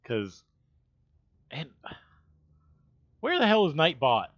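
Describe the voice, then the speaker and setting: A man's voice: fairly high pitch, wildly swooping pitch, takes it slowly. A man chatting casually on a livestream, rambling and swearing, often trailing off mid-sentence. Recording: dull lo-fi stream audio with faint music.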